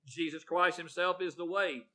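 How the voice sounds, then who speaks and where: A preacher man delivers a sermon with a bright, forceful edge in a slightly high voice. He calls on his congregation by name and asks for amens, swelling loud on key words before dropping almost to a murmur. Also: steady tone, normal speed, rough recording. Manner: swells loud on emphasis, drops to near murmur. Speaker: pastor.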